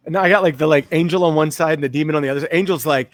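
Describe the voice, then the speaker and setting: A man talking casually and with high energy, acting out other people in his anecdotes. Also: creaky, dry recording. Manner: energetic, fast-talking, acts out voices in anecdotes. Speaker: guest. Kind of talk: casual storytelling in a talk.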